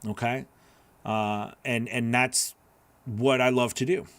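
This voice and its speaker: A man's voice: mid-range voice, steady tone, takes it slowly, a bit bright, smooth, no room sound. A man hosting a live voice-over class, answering chat questions in an earnest, encouraging way that rambles with restarts.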